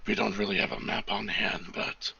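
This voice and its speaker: A game master voicing a gruff male guide who leads the party through the sewers, in a curt, hurried way. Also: fairly low pitch, completely flat delivery, bright, forceful tone, no room sound, recorded from a distance, pitched below the performer's own voice, full character voice. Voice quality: gravelly, husky. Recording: dull lo-fi sound.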